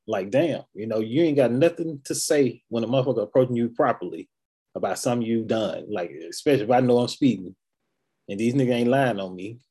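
A man's voice: medium pitch, animated, fairly quick, mellow, husky. A man talking bluntly and profanely in casual conversation, hammering his points through repetition.

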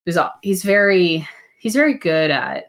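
A woman's voice: on the low side, big pitch swings, normal speed, creaky. A woman casually discussing a book with a co-host, explaining why the characters act as they do. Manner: reflective, explains characters' motives.

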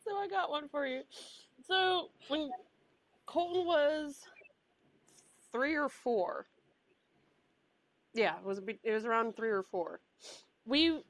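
A woman's voice: medium pitch, fairly bright tone, no echo. A woman co-hosting a podcast, telling rambling stories about her family in casual chat and laughing often. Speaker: podcast co-host.

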